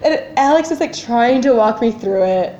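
A woman's voice: on the high side, expressive, moderate pace, dark tone. A woman co-hosting a podcast, telling a story in casual chat and acting out her own panic. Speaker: podcast co-host. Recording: echoey room, dull lo-fi sound.

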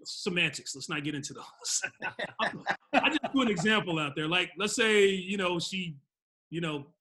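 A man's voice: high voice, animated, moderate pace, pushed and bright. A young man co-hosting a talk show, chatting bluntly and profanely and laughing often. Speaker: podcast co-host. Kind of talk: crude casual chat.

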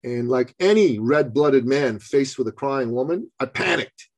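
A man from Canada recounts a personal story as a guest on a business podcast. He is an animated storyteller who slips into the voices of the people he quotes. The sound is dry and close, with no room around it. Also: mid-range voice, a little slow, hardly any pauses, dry recording.

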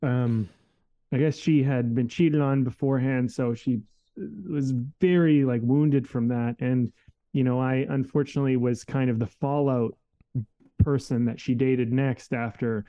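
Candid man with a very dark voice. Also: medium pitch, steady tone, measured pace, highs cut off. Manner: reflective, candid, full of fillers and restarts. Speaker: guest telling a personal story. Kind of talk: casual conversational storytelling.

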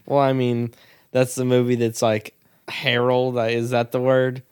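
A man's voice: medium pitch, monotone, unhurried, clear, resonant tone. A man co-hosting a casual movie-chat podcast, blunt and full of crude jokes, often talking over his partner. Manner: blunt, crude joking, talks over others. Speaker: podcast co-host.

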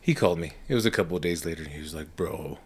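A young man co-hosting a casual podcast, telling profane stories with lively impressions of the people in them. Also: deep voice, racing, husky. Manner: profane storytelling, animated impressions. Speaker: podcast co-host. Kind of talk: casual chat.

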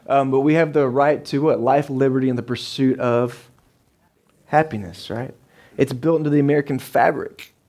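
Preaching in a church sanctuary, a thirty-something pastor keeps his sermon loose and conversational, tossing in asides and rapid questions to the room. He has a typical middle-pitched male voice that sounds a little mellow.

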